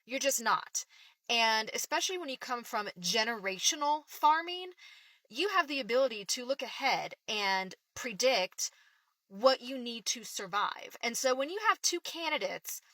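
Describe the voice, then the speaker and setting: A woman's voice: on the high side, lively intonation, unhurried, a bit bright, dry recording. A middle-aged woman from Oklahoma, a builder, ranting bluntly with profanity about politics. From Oklahoma, United States. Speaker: builder sharing opinions. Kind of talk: casual opinion rant to camera.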